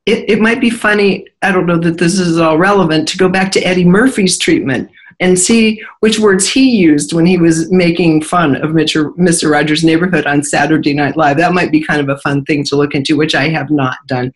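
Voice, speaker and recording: A woman's voice: low voice, steady tone, brisk. A woman hosting an interview, chatting casually and swapping stories and fun examples with her guest. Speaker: host.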